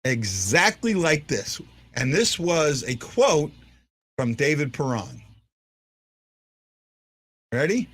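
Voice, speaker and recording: A man's voice: a little high, very animated, slow, long pauses, fairly bright tone, breathy edge. A man hosting a fan show, talking casually and rambling, repeating himself and teasing his viewers as he reacts to a game. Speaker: fan podcast host. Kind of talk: casual live-stream commentary.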